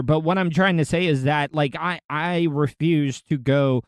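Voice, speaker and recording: A man's voice: a little high, a little slow, hardly any pauses, clear, resonant tone, dry recording. A man hosting a podcast, telling candid stories in a blunt, sometimes profane casual monologue. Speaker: podcast host.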